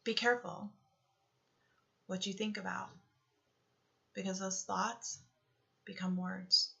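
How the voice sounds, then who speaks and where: A woman's voice: mid-range voice, fairly even intonation, slow, creaky, fairly bright tone, lo-fi sound. A woman giving a motivational talk with guided meditation, coaching earnestly and often checking in with "okay?". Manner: earnest, repetitive coaching, frequently asks "okay?". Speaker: motivational speaker.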